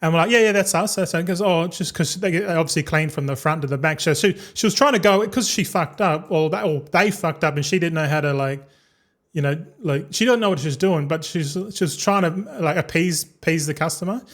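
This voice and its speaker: A young man tells a long story in a loose, casual way. His voice sits a little higher than most men's. He stumbles over his words, repeats himself and swears freely. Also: a little fast. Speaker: streamer.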